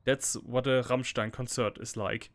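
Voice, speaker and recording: A man hosting a let's play, reading game text aloud and breaking into loud, laughing asides. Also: medium pitch, normal speed. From Germany. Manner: laughs often, bursts into loud playful reactions between calm read-outs. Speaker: gaming channel host. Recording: game music clearly behind the voice.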